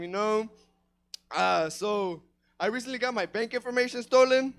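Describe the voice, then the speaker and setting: Very high-voiced smooth male comic. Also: unhurried. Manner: deadpan punchlines, slangy. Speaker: stand-up comedian. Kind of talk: stand-up set. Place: comedy theater stage.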